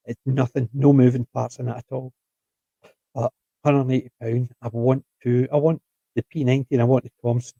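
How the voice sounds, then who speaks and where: A man's voice: mid-range voice, flat delivery, brisk, creaky, warm tone, no echo, lo-fi sound. A man, a podcast co-host, rambling enthusiastically in casual chat.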